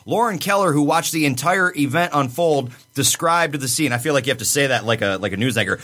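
A man hosting a casual podcast from a studio, loud, profane and jokey as he tells a news story. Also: medium pitch, lively intonation, a little fast. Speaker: podcast host.

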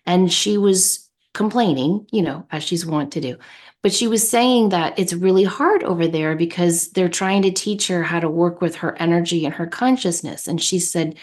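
A woman co-hosting a spiritual podcast, telling a personal story in an animated, chatty way. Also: on the low side, moderate pace. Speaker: podcast co-host. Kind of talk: casual chat.

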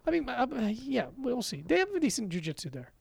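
A young man co-hosting a podcast, trading quick playful banter. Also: very high voice, huge pitch swings, vocal fry, darkish tone, slightly rough, no echo. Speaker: podcast co-host. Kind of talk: casual chat.

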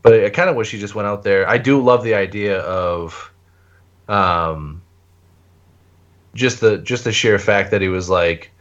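A man's voice: on the low side, measured pace, long pauses, fairly bright tone, lo-fi sound. A man co-hosting a casual podcast chat about a TV show, laid-back, with frequent laughs and fillers. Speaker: podcast co-host.

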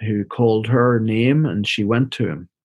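A middle-aged man with a fairly low voice speaks softly as a guest on an interview show. He tells a personal story in a reflective, halting manner and often repeats words as he gathers himself. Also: no echo, highs cut off. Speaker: interview guest, seminary professor and minister.

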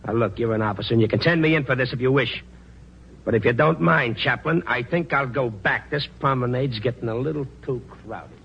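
A bitter gravelly army sergeant. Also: male voice, mid-range voice, fairly quick, a bit bright, a little hiss or hum. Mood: sullen. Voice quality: gravelly, curt and sarcastic. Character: bitter, grieving male ground crew sergeant. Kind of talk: 1940s radio acting. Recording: lo-fi 1940s radio broadcast.

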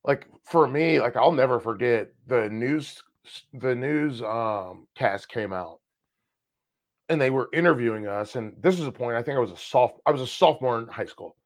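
A man in his thirties talks through old memories on a casual podcast. He gets animated and swears freely, acting out what people said back then. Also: mid-range voice, normal speed. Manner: animated, swears freely, acts out past conversations. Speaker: podcast co-host. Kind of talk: casual storytelling chat.

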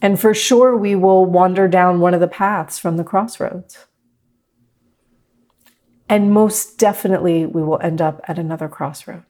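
Soft-spoken lower-voiced woman meditation teacher. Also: a little slow. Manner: gentle, reflective, speaks to a class. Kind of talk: guided meditation talk.

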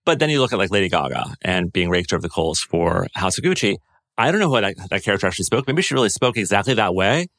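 A man's voice: deep voice, big pitch swings, fast, a bit bright, no echo. A man co-hosting a podcast in casual chat, thoughtful, working through ideas aloud. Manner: thoughtful, with fillers and restarts. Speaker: podcast co-host.

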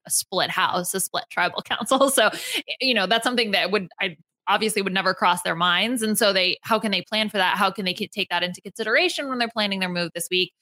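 Woman cohost, bright voice, animated casual chat. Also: mid-range voice, quick pace. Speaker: podcast co-host.

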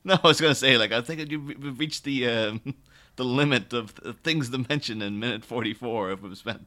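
Bright-voiced man guesting on a podcast. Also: mid-range voice, a little fast. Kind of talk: casual chat.

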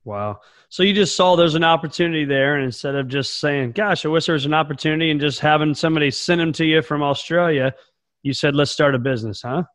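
A man's voice: a little high, fast, a bit bright, dry recording, clean studio sound. A man with a Southern American accent hosting a podcast, chatty and friendly, with lots of "uh" fillers. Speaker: podcast host. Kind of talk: casual interview conversation.

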